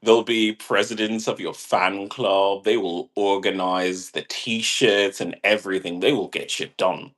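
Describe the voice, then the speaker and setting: A man's voice: deep voice, steady tone, unhurried, few pauses, fairly bright tone. A man rambling casually in a monologue, swearing and laughing at his own jokes. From half British. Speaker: vlogger.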